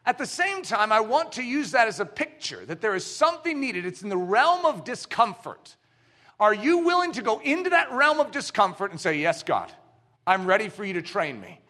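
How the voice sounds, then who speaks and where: A man preaching a sermon as pastor in a church, animated and acting out the voices he quotes. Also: very high-pitched, normal speed. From United States.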